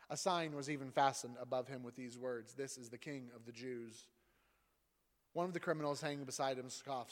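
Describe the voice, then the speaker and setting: A man's voice: mid-range voice, steady tone, a little fast, big-room sound. A man giving a dramatic liturgical reading of scripture in church, acting out the voices in the passage. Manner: acts out the voices in the passage, rising loud for the crowd. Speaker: scripture reader.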